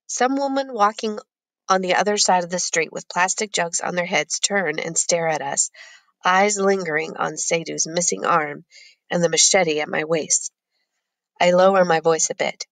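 A woman with a lowish voice reads a first-person novel aloud in a measured, plain manner. The recording is dry and close, with no room sound. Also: no room sound. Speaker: audiobook narrator.

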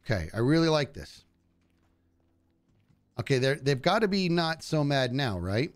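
Unhurried and medium-pitched, this male gaming streamer chats casually during a live video game session. He's animated and full of jokes, addressing the enemies on screen directly.

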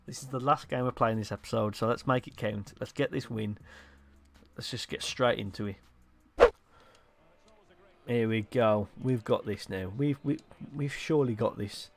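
A young man excitedly commentating his own football video game, swearing and shouting at his players. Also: mid-range voice, normal speed, gravelly, over music. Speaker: gaming YouTuber.

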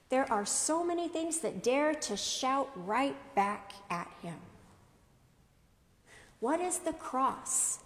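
A woman pastor preaches a sermon in a measured, deliberate way, often asking rhetorical questions. Her voice sits a little high and moves unhurriedly. The sound carries a long reverb from an echoey church.

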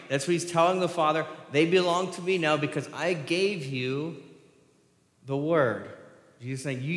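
A man preaching a sermon to his congregation, animated and asking them questions as he goes. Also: fairly high pitch. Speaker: pastor. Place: church sanctuary. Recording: echoey long reverb from a church hall.

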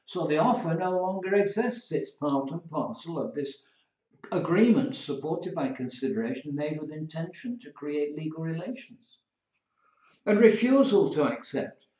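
A man teaching law in a lively, storytelling way, acting out little scenes to make his points. His voice sits fairly high. The recording is roomy and dull, like an old lecture tape. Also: moderate pace. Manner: playful, animated storytelling with acted examples. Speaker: law tutor.

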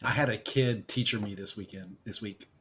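A man's voice: on the low side, moderate pace, background noise. A man hosting a tabletop game podcast, reading the intro and then telling stories in casual chat, laughing often. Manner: chatty storyteller, laughs often. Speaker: podcast host.

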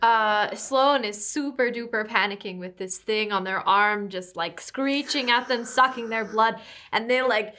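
A woman playing a tabletop game, excitable, swearing and laughing as she describes her turn. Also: a little high, a little slow, hardly any pauses, a little hiss or hum. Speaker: player.

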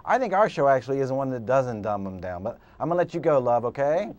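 A man hosting a call-in radio show, brisk and chatty with callers. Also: mid-range voice, very animated, a little mellow, lo-fi sound.

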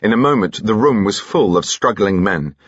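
A man reading a mystery novel aloud, measured and expressive, giving the characters their own voices. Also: fairly low pitch, breathy edge, dry recording, muffled recording. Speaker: audiobook narrator. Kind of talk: scripted narration with character voices.

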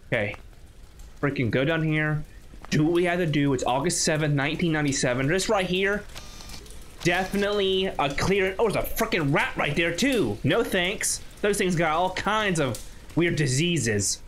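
A man's voice: a little high, normal speed, pauses often, slight background noise. A man on a YouTube channel giving nervous, chatty running commentary while playing a horror game. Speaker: YouTube gamer.

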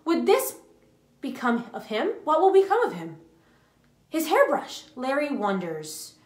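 A woman's voice: sits high, huge pitch swings, measured pace, echoey room. A woman hosting a live children's show, telling a story in an enthusiastic, sing-song way. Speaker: children's ministry host.

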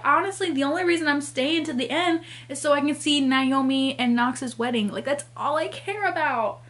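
Woman book vlogger, higher-pitched voice, casual exasperated rant. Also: a bit bright. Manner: exasperated ranting, fast with many fillers. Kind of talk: casual reading vlog.

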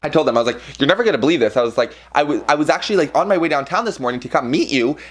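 A man in his twenties excitedly telling a rambling story to camera, full of slang and playful swearing. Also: on the high side, racing. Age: 20s. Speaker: vlogger.

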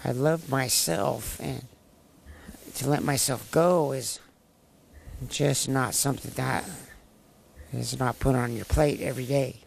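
A man shares his own story in plain, candid words, with a dry, wry streak of humor. He speaks slowly, often restarting phrases, and his voice has a gravelly, rough edge. Faint noise sits behind him. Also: mid-range voice, fairly even intonation. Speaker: interviewee sharing his personal story. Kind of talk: candid personal testimony.

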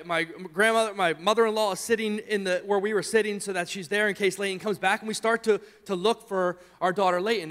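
A man in his thirties, a pastor, telling a story in a sermon, animated and often repeating words as he gets caught up in it. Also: high-pitched. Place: church sanctuary. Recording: long reverb of a church hall.

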